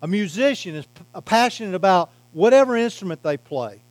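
A man preaching a sermon as pastor, emphatic, swinging from loud to quiet and slowing on key words. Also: sits high, expressive, no room sound, poor audio. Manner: emphatic preaching, varying loudness and pace.

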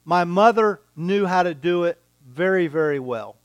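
A man preaching an expository sermon, teaching deliberately and repeating key words for emphasis. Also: sits high, expressive, smooth, no room sound.

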